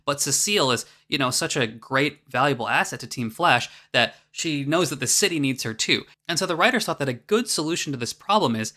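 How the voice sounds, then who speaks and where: A man's voice: on the high side, animated, fairly quick, hardly any pauses, pushed and bright. A man hosting a commentary video, talking in a sarcastic, exasperated way and swearing freely. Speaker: video essay host.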